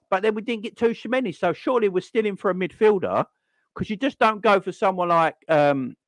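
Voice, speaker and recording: Animated man ranting about football. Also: on the high side, dry recording, rough recording. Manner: animated, repetitive, addresses chat. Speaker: football fan streamer. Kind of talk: casual livestream rant.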